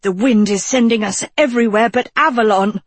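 A woman acts out a stubborn teenage girl fighting a storm at the wheel, her voice raised and growling. Dry and close, a touch higher than the narration. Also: a little fast, slightly rough, no echo. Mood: urgent. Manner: raised, growling and shouting over wind.

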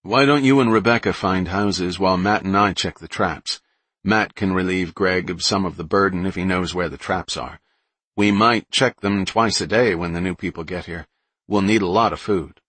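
A man's voice: sits low, normal speed, a bit bright, dry recording. A man doing a cheerful, organizing man. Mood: upbeat.

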